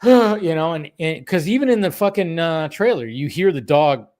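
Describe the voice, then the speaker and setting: A man hosting a casual film chat, excitable and swearing freely. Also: a little high, normal speed. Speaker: podcast host.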